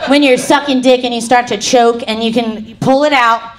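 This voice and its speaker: A woman's voice: on the high side, fairly even intonation, moderate pace, few pauses. A woman doing a brash, crude stand-up set on a comedy club stage into a handheld mic.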